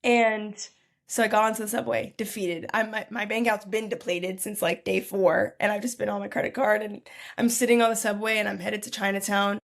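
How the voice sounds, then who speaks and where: A young woman telling a long personal story as a podcast guest in a lively, chatty way. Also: mid-range voice, fairly quick, gravelly. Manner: lively, chatty, lots of "like" and "y'all". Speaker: podcast guest, food entrepreneur. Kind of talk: casual storytelling.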